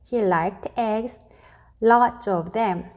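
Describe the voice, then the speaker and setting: A woman reading a children's picture book aloud in a deliberate, expressive way. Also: mid-range voice, muffled recording. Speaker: storyteller. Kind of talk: children's story read-aloud.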